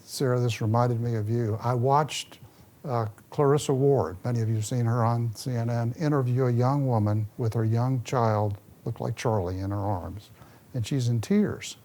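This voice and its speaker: Animated man telling stories at a lectern. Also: medium pitch, normal speed. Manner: animated storytelling, restless, moves around. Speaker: former ambassador giving a talk. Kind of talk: public talk and Q&A.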